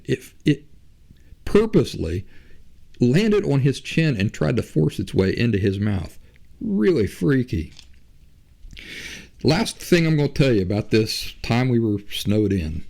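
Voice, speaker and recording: A man's voice: medium pitch, very animated, unhurried, gravelly, a little mellow. A man hosting a podcast, telling a story in a loose, chatty, conversational way. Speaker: podcast host. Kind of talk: casual spoken storytelling.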